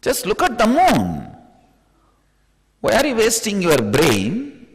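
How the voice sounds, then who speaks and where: An Indian-accented man teaching a spiritual discourse in a high voice that swoops up and down as he talks. He teases his listeners with rhetorical questions and laughs often. His voice trails off into a long hall reverb. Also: wildly swooping pitch, slow pace.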